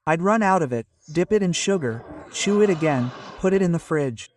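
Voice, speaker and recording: A man from Northeast Brazil, telling animated stand-up stories about his childhood and constantly checking in with the crowd. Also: fairly high pitch, normal speed, recorded from a distance. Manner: animated storytelling with frequent tag questions. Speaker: stand-up comedian. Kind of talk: stand-up comedy set. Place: stage in front of a live audience.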